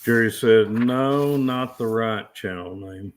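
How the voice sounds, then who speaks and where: A man's voice: fairly low pitch, slow pace, a little hiss or hum. A man co-hosting a homestead livestream, chatting casually and tossing in playful jokes. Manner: joking, playful asides. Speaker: homestead channel co-host.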